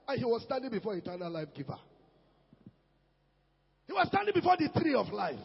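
A man preaching as a pastor, swinging between shouts and low murmurs. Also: big pitch swings, moderate pace, creaky, pauses often, husky. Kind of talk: sermon. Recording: echoey hall with dull sound and music.

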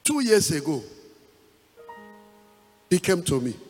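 A man giving a testimony as a pastor, with emphatic preaching and half-sung phrases that build to loud exhortation. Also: on the high side, sing-song, slow pace, husky. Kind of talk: sermon testimony. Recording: echoey hall with music behind.

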